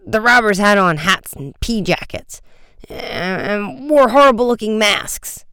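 A narrator voicing an excited, stammering male bank guard. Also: mid-range voice, slow pace, clear, resonant tone, dry recording, pitched above the performer's own voice.

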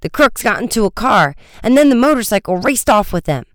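Narrator as a rattled bank guard, excited, stammering. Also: medium pitch, a little fast, no echo, voice pushed up, lightly acted.

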